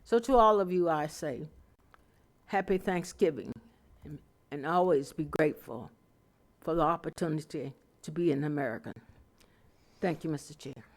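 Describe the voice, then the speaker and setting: A woman addresses a council meeting with earnest, formal remarks. She pauses now and then to find her words. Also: deep voice. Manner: earnest, halting. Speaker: county council member.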